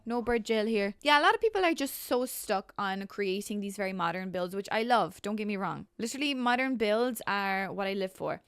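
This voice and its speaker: A woman's voice: mid-range voice, a bit bright, dry recording. A young woman giving casual, rambling gameplay commentary while building, full of chatty self-deprecating asides. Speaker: game builder.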